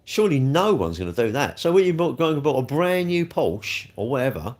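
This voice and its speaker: A man's voice: mid-range voice, sing-song, fairly quick, darkish tone. A man, a car dealer hosting a casual livestream, ranting in an exasperated, rambling way and firing rhetorical questions at his viewers.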